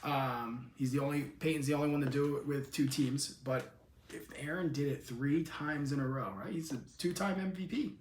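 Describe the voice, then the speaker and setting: A man co-hosting a podcast, casually steering a football chat with questions, relaxed and easygoing. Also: a little high, normal speed, echoey room, slight background noise. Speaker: podcast co-host.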